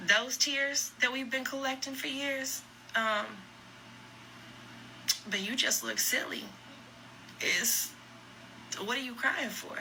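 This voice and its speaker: Sarcastic woman with a bright voice. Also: a little high, creaky, a little hiss or hum, rough recording. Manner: sarcastic, laughing, scolding. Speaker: commentator reacting to a viral video. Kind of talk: casual reaction commentary.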